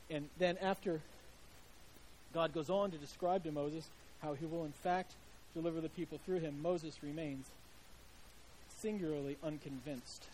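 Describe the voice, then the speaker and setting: A man's voice: on the high side, fairly even intonation, normal speed, a little mellow, a little hiss or hum, rough recording. A male preacher giving a sermon in a conversational storytelling way, with frequent restarts.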